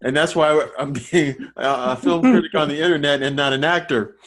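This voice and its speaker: A man's voice: on the high side, animated, a little fast, a loud crowd. A man who works as an online film critic, chatting casually about films with many false starts and repeated words. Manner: rambling with many restarts. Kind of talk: casual podcast film discussion.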